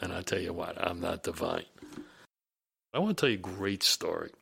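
A man who is a business executive, telling career stories in a deliberate, emphatic and animated monologue. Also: low-pitched, gravelly, breathy edge. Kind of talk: storytelling monologue.

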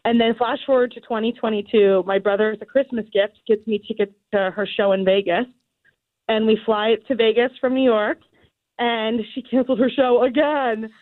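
A young woman tells her story over a tinny phone line, giggling often and acting out the voices. Her voice sits a little high and sounds dry and close. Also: fairly even intonation, moderate pace, no room sound. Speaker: guest caller. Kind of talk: casual phone interview.

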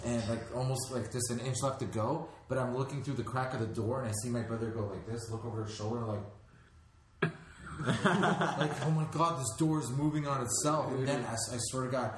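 A man's voice: mid-range voice, moderate pace. Man telling a story in an echoey room. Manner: swears, animated retelling with laughs. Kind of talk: casual chat, storytelling. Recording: echoey room with faint noise.

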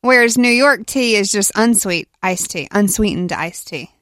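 A woman's voice: medium pitch, normal speed, a bit bright, no room sound, clean studio sound. A woman from the American South co-hosting a morning radio show in casual, chatty talk. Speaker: radio co-host.

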